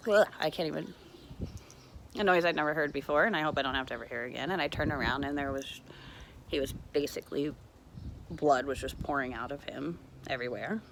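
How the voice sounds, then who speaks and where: A mother filmed at home on a handheld phone, recounting a personal ordeal in a halting, earnest way with many fillers. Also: low-pitched, a bit bright, a little hiss or hum. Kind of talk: personal storytelling vlog. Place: at home, walking around the house.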